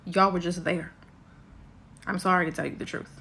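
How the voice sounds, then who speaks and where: A woman's voice: fairly low pitch, flat delivery, moderate pace, vocal fry, over loud music. A woman giving impassioned commentary, lecturing her listeners directly and emphatically.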